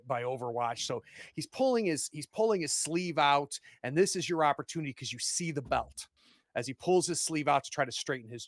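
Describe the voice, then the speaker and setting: A man narrating a tabletop game as game master, animated and laughing often. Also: on the high side, dry recording, studio quality.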